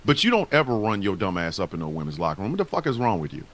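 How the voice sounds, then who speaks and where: A man's voice: on the low side, very animated, very fast, crowd noise. A man co-hosting a casual wrestling talk show, speaking in a heated, profane and emphatic way. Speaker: podcast co-host.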